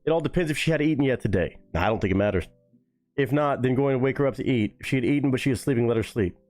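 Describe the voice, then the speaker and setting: A man hosting a live stream, reacting to chat comments in a casual, swearing way with high-pitched mocking asides. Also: very fast, darkish tone, faint music behind.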